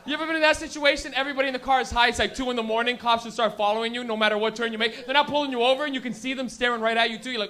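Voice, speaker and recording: A young man from Canada works a club crowd with a profane stand-up set. His voice sits very high for a man, and he keeps jumping into quick voices for stoned friends and cops. The delivery is loose and conversational. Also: little pitch movement, sharp tone. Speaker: stand-up comedian. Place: comedy club.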